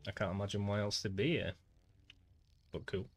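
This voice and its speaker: Northern English male streamer, somewhat low voice, relaxed chatty game commentary. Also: moderate pace, faint music behind. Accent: Northern English, Manchester. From Manchester, England. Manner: chatty, talks to chat, says "mate" often. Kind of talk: casual gameplay livestream chat.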